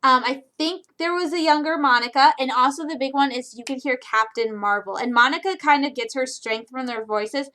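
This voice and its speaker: A young woman from Michigan, talking chattily and excitably in a casual recap vlog, with frequent restarts. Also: high voice, a little fast, few pauses. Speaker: vlogger.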